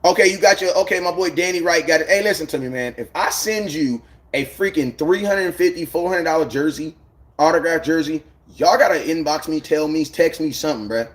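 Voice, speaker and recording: A man's voice: a little high, brisk. A man chatting casually on a live stream, rambling in loose slang and greeting viewers by name. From United States.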